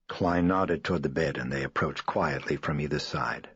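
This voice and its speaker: A man reading an audiobook in a measured, somber way. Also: a bit bright, husky, no echo. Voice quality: very deep. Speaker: audiobook narrator. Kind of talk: scripted narration. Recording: dull dry studio read.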